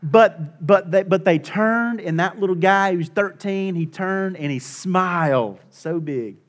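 A middle-aged male pastor preaching a sermon, swinging between hushed and loud and repeating his points for emphasis. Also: high-pitched, unhurried.

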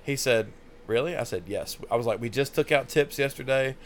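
A man's voice: mid-range voice, brisk, slight background noise. A young man casually telling a funny, profane story on a podcast, laughing often. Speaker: podcast host.

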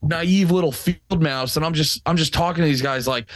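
A young man with a fairly high voice chats on a casual podcast. His storytelling is loose and slangy, peppered with "like" and "dude". The recording is dry. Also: normal speed, few pauses, a bit bright, dry recording.

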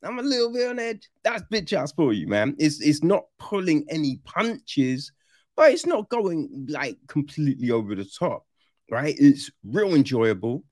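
A film reviewer, giving a casual, animated review full of swearing and acted-out reactions. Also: mid-range voice, a little slow, no room sound, studio quality.

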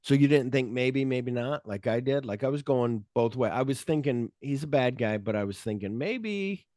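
A man hosts a casual movie podcast, retelling scenes with plenty of profanity, acting out characters' lines, and leaning on fillers like "like." His voice is medium-pitched, slightly mellow, and lively, at a moderate pace, with clean studio sound and no room noise.

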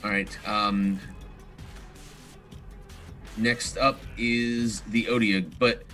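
A man's voice: lowish voice, fairly even intonation, very slow, pushed and bright, faint music behind. A man narrating as game master of a tabletop game, explaining rules in an easygoing way with plenty of fillers.

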